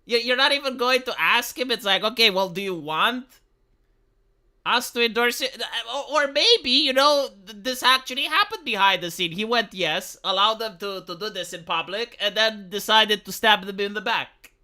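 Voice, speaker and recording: A man's voice: sits high, moderate pace. A man from Romania, ranting casually on a live stream with lots of stammers and swearing. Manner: profane, stammering, animated. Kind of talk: casual livestream rant.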